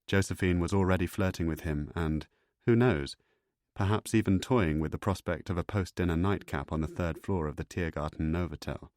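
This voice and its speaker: Man reading a spy novel out loud, super low voice, steady and even, dry close sound. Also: no room sound. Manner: measured, even storytelling. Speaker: audiobook narrator. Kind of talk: scripted narration.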